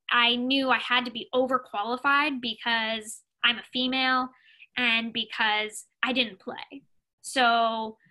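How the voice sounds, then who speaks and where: A woman's voice: on the high side, sharp tone, low-quality recording. A young woman talking casually as a podcast guest, with many fillers like "you know" and "like". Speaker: sports agent, podcast guest. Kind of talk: casual interview talk.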